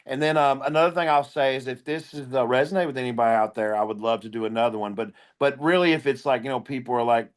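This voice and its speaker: A man's voice: medium pitch, quick pace, hardly any pauses. A man guest, a comedian, telling candid stories in an interview with a blunt, profane, emphatic way of talking.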